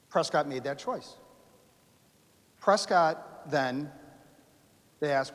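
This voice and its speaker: A man giving a storytelling history lecture to a live audience in a lecture hall, animated, acting out quotes and asking the audience questions. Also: on the high side, moderate pace, long pauses. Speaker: history speaker. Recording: reverberant hall.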